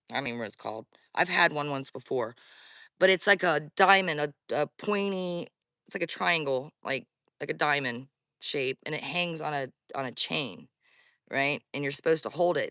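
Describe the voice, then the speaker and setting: A woman tells her own eerie story in a loose, rambling chat, speaking straight to her audience. Her voice is bright and forceful. The recording is close and dry. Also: lowish voice, no room sound. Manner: chatty, rambling, addresses viewers directly. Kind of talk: casual first-person storytelling.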